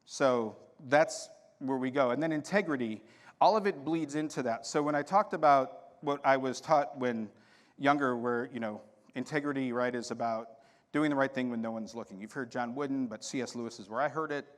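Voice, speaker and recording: A man's voice: medium pitch, moderate pace. A man giving a storytelling talk at a conference, acting out voices in his anecdotes. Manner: animated anecdotes with quoted dialogue. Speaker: conference speaker. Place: conference hall. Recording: hall reverb.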